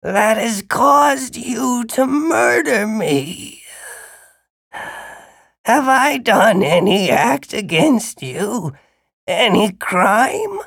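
A man voicing an ancient giant worm in a storybook reading, with a shrill, howling, pleading delivery. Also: very animated, very slow, gravelly, fairly bright tone, no echo, clean studio sound, exaggerated voice. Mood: reproachful.

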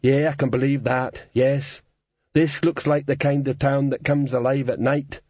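A man doing a deadpan stony troll. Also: medium pitch, unhurried, dry recording, lo-fi sound, voice pushed up, close to an everyday voice. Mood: wry. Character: stony, dry-witted male troll musician.

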